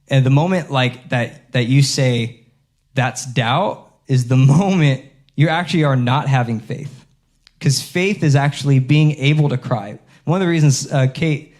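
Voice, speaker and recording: A man pastor giving a sermon in a relaxed, conversational way, with many fillers and restarts. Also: medium pitch. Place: church.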